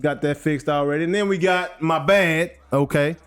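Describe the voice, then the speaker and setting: A man co-hosting a casual sports chat with a Texas accent, chiming in with quick agreements. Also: fairly high pitch, a bit bright, clean tone, soft background music. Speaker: podcast co-host.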